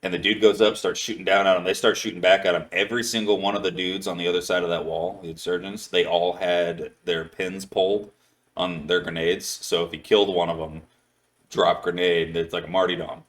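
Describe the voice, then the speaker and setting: A man's voice: low-pitched, flat delivery, fairly quick, a bit bright. A man hosting a podcast, telling a long story in casual chat, swearing a lot and filling his talk with "like". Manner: rambling, heavy swearing, many "like" fillers. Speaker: podcast host.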